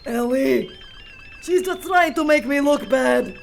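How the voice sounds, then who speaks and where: A woman's voice: high voice, lively intonation, slow pace, vocal fry, a little hiss or hum, voice pushed down, full character voice. A woman voicing a shy but cutting teenage girl with a mock Russian accent, speaking coldly and bitingly. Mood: cold scorn. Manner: cold, biting.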